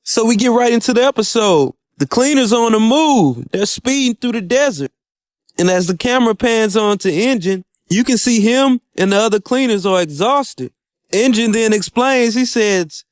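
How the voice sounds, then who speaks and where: A man's voice: sits high, normal speed, clean tone, dry recording, studio quality. A man recapping an anime episode in an upbeat, casual, slangy storytelling way. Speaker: anime reviewer.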